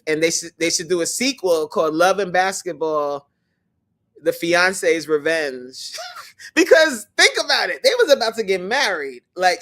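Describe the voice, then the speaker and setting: A woman hosting a casual livestream chat, animated and teasing, who laughs often and talks straight to her viewers. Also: mid-range voice. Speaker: host.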